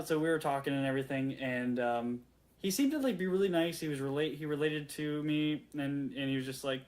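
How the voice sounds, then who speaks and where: A man in his late twenties telling a story in a rambling, excitable way, full of fillers and restarts. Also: medium pitch, brisk. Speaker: vlogger. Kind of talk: casual storytelling rant.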